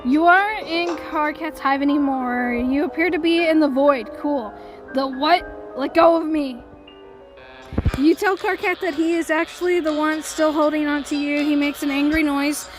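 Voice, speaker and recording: A woman's voice: high-pitched, steady tone, moderate pace, few pauses, poor audio. A woman streamer reading a visual novel aloud live, in a casual tone with amused asides. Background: game music.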